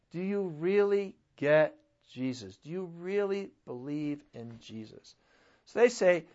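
Animated male preacher, dull lo-fi sound. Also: fairly high pitch. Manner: animated, acts out quoted voices. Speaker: pastor. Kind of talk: sermon.

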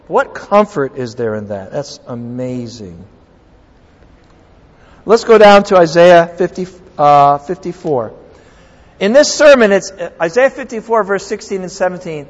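A man's voice: sits high, sing-song, unhurried, big-room sound, dull audio. A middle-aged man, a pastor, preaching a sermon in an earnest, conversational way with emphatic repetition.

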